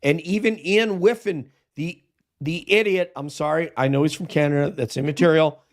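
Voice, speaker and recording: A man's voice: a little high, normal speed. A man talking as a guest on a live true-crime stream, emphatic and argumentative as he makes his points. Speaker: guest co-host.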